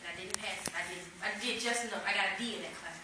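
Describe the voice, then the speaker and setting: A young woman preaching a sermon, telling personal stories and rising to loud, excited outbursts. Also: mid-range voice, rapid-fire. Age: young adult. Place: church sanctuary. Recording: echoey church from far off, noisy. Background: congregation responding.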